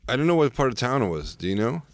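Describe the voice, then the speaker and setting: A man's voice: medium pitch, sing-song, rapid-fire, dry recording, clean studio sound. A man hosting a podcast, chatting casually and playfully, laughing often as he jokes around. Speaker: podcast host. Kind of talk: casual chat.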